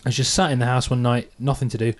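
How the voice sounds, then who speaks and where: Rapid-fire and level in tone, a medium-pitched man in his thirties from England hosts a podcast about his own music. He chats casually, mocks himself and laughs a lot.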